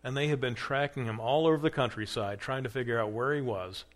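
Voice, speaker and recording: A man teaching a class on church history in an easy conversational way. His pitch sits in the middle of the usual range. He stops to quiz the room and acts out the quotes he reads. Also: a little fast. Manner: conversational, acts out quoted dialogue with rising emphasis; asks questions of a class.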